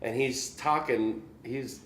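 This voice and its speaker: Slow-paced and medium-pitched, this guest musician from the Chicago area, US, has a fairly bright tone as he rambles through casual gig stories. He chuckles often and leans on "you know" fillers, in a room with noticeable echo and a faint hiss or hum.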